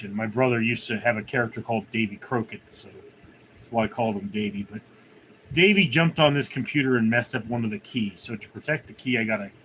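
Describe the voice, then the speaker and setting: A man's voice: medium pitch, fairly bright tone, slight background noise. A man hosting his own livestream, chatting casually, rambling through jokes and reading viewer comments aloud from his computer at home. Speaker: livestream host.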